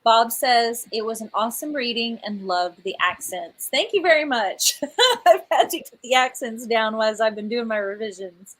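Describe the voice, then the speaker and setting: A woman's voice: fairly high pitch, moderate pace, poor audio. A woman author hosting a live book premiere, chatting casually, laughing often and saying "y'all". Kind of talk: casual livestream chat.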